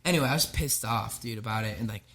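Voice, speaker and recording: A man's voice: on the low side, quick pace, sharp tone, echoey room, slight background noise. A young man telling a rambling college story in casual chat, swearing a lot and laughing along with himself. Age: young adult. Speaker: podcast guest.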